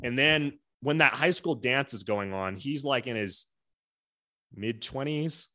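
A man's voice: medium pitch, a little slow, sharp tone, dry recording. A man guesting on a casual podcast, talking in a rambling way with many restarts and frequent "you know". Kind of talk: casual chat.

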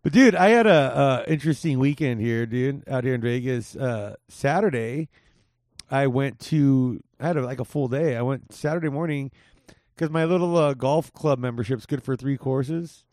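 A man's voice: medium pitch, normal speed, a little mellow, dry recording, studio quality. Laid-back dude-talking male podcast host. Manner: laid-back, swears a lot, says dude often. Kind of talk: casual chat. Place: home in Las Vegas.

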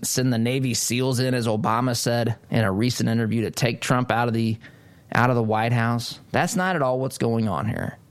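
Male talk radio host, emphatic monologue, mid pitch, mocking asides. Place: studio.

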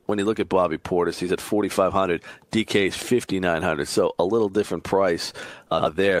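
A man talking through his daily fantasy basketball picks in an excitable, emphatic way. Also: dry recording. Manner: excitable, emphatic, frequent pitch jumps. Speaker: fantasy sports analyst.

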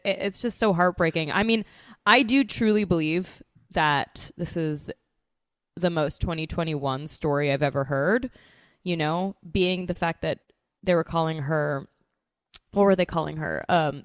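In clean studio sound with no echo, a low-pitched young woman from New York City co-hosts a podcast. She's chatty and jokey, frequently starting her sentences over as the casual conversation rolls on.

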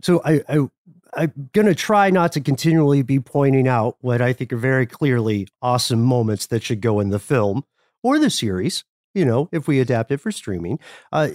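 A man co-hosting a casual history podcast, telling stories with lively voiced quotes. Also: mid-range voice, no echo, clean studio sound. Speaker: podcast co-host.

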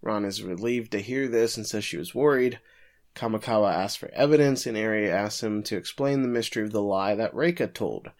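A man's voice: fairly low pitch, fairly quick. Casual man recapping an episode. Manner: casual, chuckling storyteller. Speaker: podcast co-host.

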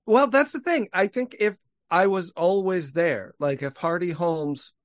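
A man's voice: high-pitched, measured pace, dry recording, studio quality. A man co-hosting an improvised comedy podcast, rambling earnestly through a bit.

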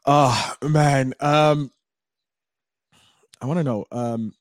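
Podcast host dude, chatty and hyped, normal pitch, dry close sound. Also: male voice, steady tone, very slow, no room sound. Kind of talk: casual conversation.

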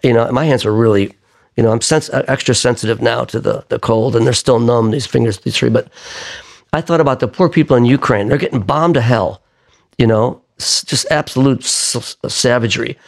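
A man's voice: mid-range voice, a little fast, gravelly. An older man telling a long story in a casual, rambling way, often restarting his sentences. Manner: rambling, self-correcting raconteur. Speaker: singer-songwriter guest.

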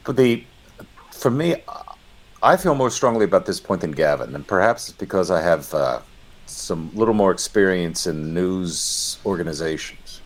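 A middle-aged man giving sardonic, animated commentary in a discussion, often restarting his sentences. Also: deep voice, moderate pace. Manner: animated, sardonic, self-correcting. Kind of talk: opinionated discussion.

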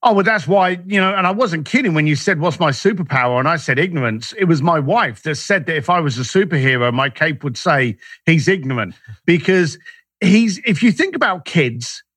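A man's voice: a little high, animated, normal speed, a bit bright, breathy edge, no echo. A man, a guest in an interview, telling stories animatedly and acting out the dialogue he quotes. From Irish, raised in East London. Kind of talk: storytelling interview talk.

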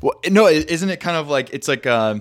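A man from Arizona in casual chat as a co-host, talkative and quick to laugh, often restarting his sentences. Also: fairly high pitch, lively intonation.

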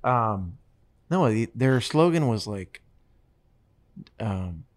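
Man, show host, casual rambling chat, joking, very animated pitch, studio mic. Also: extremely slow. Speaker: show host and touring musician. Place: radio studio. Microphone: studio microphone.

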